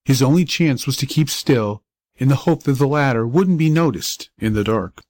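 A man reading a story aloud as an audiobook narrator, in a measured storytelling manner. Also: mid-range voice, expressive, a little mellow, dry recording. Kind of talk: scripted narration.

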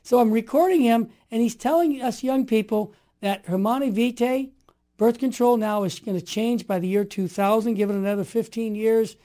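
A man in his sixties, a guest telling stories with passion and rising into forceful exhortation. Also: extremely high pitch, moderate pace. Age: 60s. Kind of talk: impassioned storytelling.

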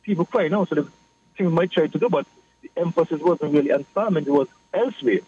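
A man, a political guest explaining his views in a measured way on a radio talk show. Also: on the high side, a little mellow. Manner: measured, explanatory, repeats phrases. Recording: muffled radio broadcast with faint hiss.

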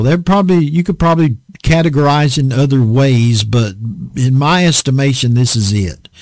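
A middle-aged man delivering a sermon at a slow, unhurried pace. His slightly high voice rises and falls in a very lively way. The sound is dry and close. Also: dry recording. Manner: slow, deliberate preaching with lively swings in pitch. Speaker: preacher.

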